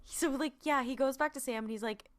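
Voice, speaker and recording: A woman co-hosting a podcast, retelling scenes in a casual, animated way and swearing freely. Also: sits high, brisk. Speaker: podcast co-host. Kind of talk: casual recap chat.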